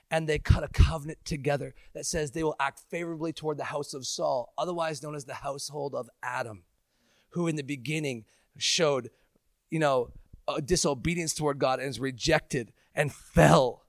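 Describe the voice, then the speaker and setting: A man preaches with fervent emphasis, his voice rough and gravelly and sitting a little high. He mixes scripture with casual, slangy asides. The sound is close and dry. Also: no echo. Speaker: pastor. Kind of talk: sermon.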